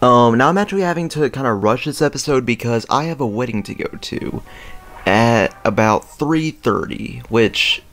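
A young man hosting a let's play, rambling casually with lots of fillers and throat clearing as he plays a strategy game. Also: medium pitch, animated, normal speed, a bit bright. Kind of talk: casual gameplay commentary. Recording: faint game music behind.

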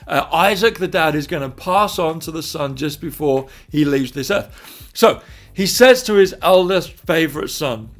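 Brief: man storyteller, slightly high voice, animated, dynamic delivery. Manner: animated, swings between quiet and loud. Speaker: church leader. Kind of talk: retelling a Bible story.

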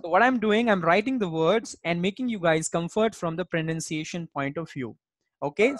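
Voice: medium pitch, animated, normal speed, no echo. A German language teacher gives an online class over a video call. The teacher drills each word's pronunciation patiently and repeats it.

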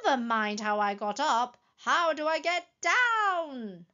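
A woman voicing a playful young male elephant prankster who calls out in high, drawn-out pleas. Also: expressive, pushed and bright, highs cut off, exaggerated voice. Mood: cheeky.

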